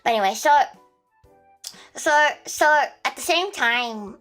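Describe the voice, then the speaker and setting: A woman's voice: fairly high pitch, animated, slow, a bit bright, soft background music. A young woman with an Australian accent telling a rambling story casually on a livestream, full of restarts and fillers.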